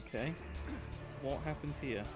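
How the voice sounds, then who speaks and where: A man's voice: mid-range voice, a little slow, over loud music. A man giving chatty, self-mocking commentary while livestreaming a video game. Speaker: livestream gamer. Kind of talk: casual gameplay commentary.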